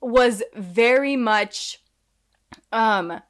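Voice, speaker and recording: A woman's voice: on the high side, very slow. A woman co-hosting a podcast in casual chat, rambling off on tangents with sarcastic asides. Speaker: podcast co-host.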